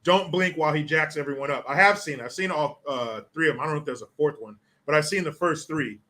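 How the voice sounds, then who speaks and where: A man hosting a show tears through viewer comments in a fast, crude, off-the-cuff way, bluntly rambling and starting over. His voice is a bit high, bright and forceful.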